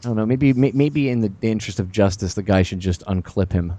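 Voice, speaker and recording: A man hosting a radio talk show, rambling with sarcastic, animated asides. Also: fairly low pitch, brisk, no room sound.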